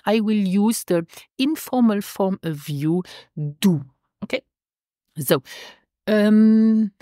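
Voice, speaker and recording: Female language teacher, low but very lively voice, drills each phrase slowly twice, dry close sound. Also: no echo. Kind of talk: slow, clear language lesson.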